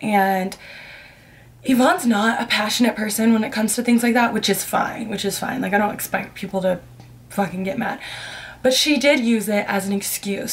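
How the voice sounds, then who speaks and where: Candid young woman telling a rambling story. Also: mid-range voice. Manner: candid, rambling, heavy use of "like". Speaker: vlogger. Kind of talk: casual storytime.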